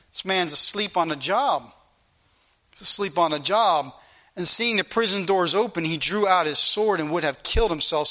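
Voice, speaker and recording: A man preaching, his voice high and ringing. He reads scripture and then drives it home with fervent repetition. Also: pushed and bright. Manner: fervent, repeats lines for emphasis, reads scripture aloud. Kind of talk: sermon.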